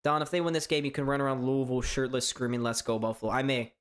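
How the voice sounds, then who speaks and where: Hoarse, rambling man. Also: mid-range voice, steady tone, fast. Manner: rambling, self-deprecating, stammers and restarts. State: voice straining from shouting. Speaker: sports fan livestream host. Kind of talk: casual live reaction chat.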